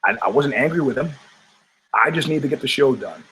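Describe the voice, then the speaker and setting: An older man hosts a talk show, his voice medium in pitch, fairly quick, with a breathy edge. He rants casually and profanely, telling stories with animation as a podcast host and acting out the voices of the people in them.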